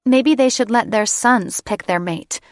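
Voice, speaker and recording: A woman voicing a feisty, defiant young witch heroine with a sharp tongue. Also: fairly high pitch, unhurried, no echo, studio quality, voice pushed up, close to an everyday voice.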